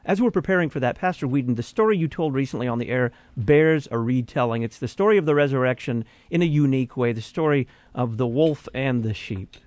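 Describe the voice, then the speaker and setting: A man's voice: mid-range voice, lively intonation, fairly quick, few pauses, darkish tone, dry recording. Man hosting a radio program. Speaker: radio host.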